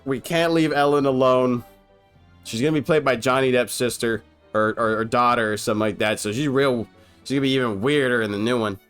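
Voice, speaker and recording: A man's voice: mid-range voice, clear, resonant tone. A man casually riffing over an old movie, rambling, joking and swearing as he goes. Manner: rambling, profane, jokey. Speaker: movie commentator. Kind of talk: casual movie riff commentary.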